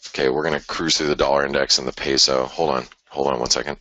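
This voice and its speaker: A man's voice: a bass voice, little pitch movement, quick pace, sharp tone, no room sound. A man hosting a live forex chart analysis, thinking aloud in a conversational way with sighs and restarts. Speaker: forex market analyst host.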